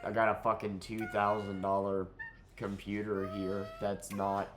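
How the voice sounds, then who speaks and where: A man with a very low, nasal voice, stuffy from being under the weather. He rambles in a casual, candid way, full of "um"s and restarts, as he reviews a film for his own channel. A faint hum of noise sits behind him at home. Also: monotone, unhurried.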